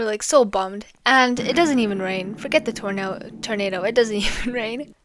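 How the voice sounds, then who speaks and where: Teenage girl, casual storytime chat, giggly, dramatic squeals, slightly high voice. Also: steady tone, moderate pace, hardly any pauses, fairly bright tone, a little hiss or hum. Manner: chatty, giggly, dramatic squeals in quoted reactions. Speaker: gaming vlogger.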